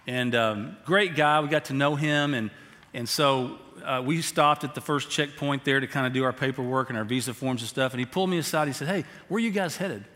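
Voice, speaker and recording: A man preaches in a church, his mid-pitched voice trailing off into a long hall reverb. He tells a story in an easy, conversational way, then slows down and presses each point hard. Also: pushed and bright. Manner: storytelling, building to emphatic slow exhortation. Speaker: pastor. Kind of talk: sermon.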